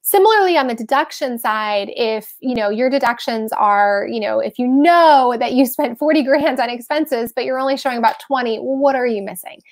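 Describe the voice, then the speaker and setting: Woman host, higher voice, chatty and frank, animated live-stream advice talk. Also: moderate pace, few pauses. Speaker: host giving tax tips.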